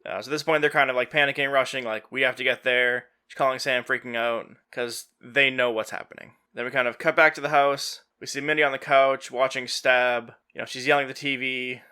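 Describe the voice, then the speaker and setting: A man's voice: medium pitch, steady tone, a little fast, few pauses, bright, forceful tone, clear, resonant tone. A man hosting a podcast, casually retelling a film scene by scene and quoting the characters in his own voice, with lots of "you know" and "like". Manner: heavy use of fillers like "you know" and "like". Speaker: podcast host. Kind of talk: casual movie recap.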